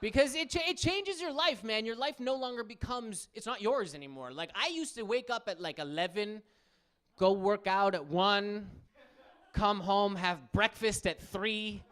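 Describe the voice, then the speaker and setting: A man in his thirties doing a stand-up comedy set on a club stage, telling animated stories and acting out the people in them. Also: unhurried. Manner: animated storytelling, acts out quotes in higher voices.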